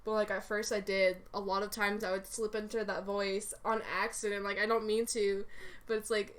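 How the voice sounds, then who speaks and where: A woman's voice: mid-range voice, flat delivery, moderate pace, a bit bright. A young woman co-hosting a podcast, chatting casually about her role-play characters in a rambling, giggly way with many fillers. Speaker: podcast co-host.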